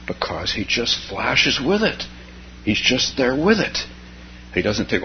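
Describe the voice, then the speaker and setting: An older man, a Zen teacher, gives a slow dharma talk in a low voice with lively intonation, filling it with personal stories and chuckling often as he tells them. The recording is dull and lo-fi, with faint noise.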